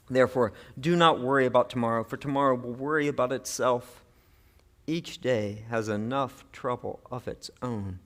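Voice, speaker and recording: Animated high-voiced male pastor preaching. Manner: animated and conversational, with playful asides. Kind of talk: sermon.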